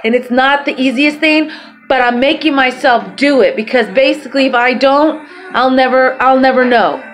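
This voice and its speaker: Her voice high and steady at normal speed, a woman vlogs straight to camera, rambling on chattily and cursing freely. Music plays underneath a rough recording.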